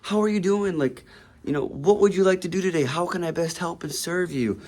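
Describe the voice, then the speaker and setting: A man's voice: high voice, brisk, a little mellow, pitched above the performer's own voice. A man voicing a bubbly, overeager young male shop clerk who fires off eager sales questions in a raised voice.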